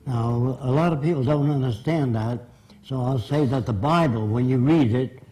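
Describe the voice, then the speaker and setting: A man's voice: medium pitch, moderate pace, mellow, rough recording. A man giving a public lecture in a blunt, emphatic and direct way.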